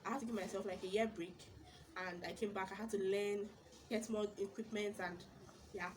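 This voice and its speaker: A young woman with a Nigerian accent telling her business stories in a casual vlog, animated, exclaiming and repeating words for emphasis. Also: mid-range voice, brisk, slight background noise. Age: young adult. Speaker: vlogger.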